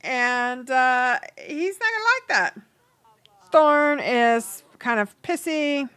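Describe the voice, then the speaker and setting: Her high-pitched voice is bright, forceful, and clean, with lively intonation, and she takes things slowly. Hosting a casual let's play, this woman chats, swears, laughs, and does character voices while commenting on the gameplay.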